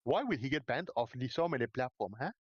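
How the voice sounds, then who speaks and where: A man from Russia with an Australian accent, chatting on a stream with provocative deadpan jokes. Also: mid-range voice, fast, husky, no echo, muffled recording. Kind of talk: casual chat.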